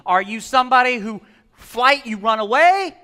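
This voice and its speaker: A man's voice: very high-pitched, lively intonation, moderate pace, bright, forceful tone, smooth. A man preaching a sermon to a church congregation, reading scripture and telling a personal story, asking the listeners questions as he goes. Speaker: pastor.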